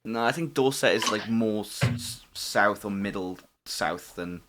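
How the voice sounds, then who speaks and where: Lower-voiced joking podcast co-host man. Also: fairly bright tone. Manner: jokey, quick quips and interjections. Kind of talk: casual podcast chat.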